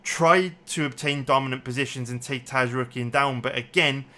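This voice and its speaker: A man's voice: medium pitch, fairly even intonation, moderate pace, pushed and bright. A man angrily breaking down a mixed martial arts fight round by round, swearing and repeating himself as he gets worked up. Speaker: MMA betting analyst. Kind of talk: angry fight breakdown commentary.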